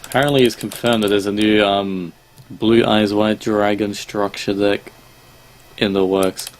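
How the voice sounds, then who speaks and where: A man's voice: on the low side, level tone, unhurried. A young Australian man streaming a game, chatting casually with viewers in a laid-back way and swearing now and then. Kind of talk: casual gameplay chat with viewers.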